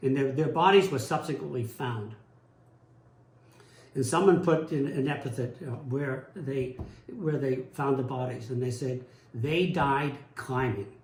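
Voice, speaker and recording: A man's voice: medium pitch, moderate pace, a little mellow. A man preaching a sermon as pastor, telling personal stories in an earnest way. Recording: roomy echo.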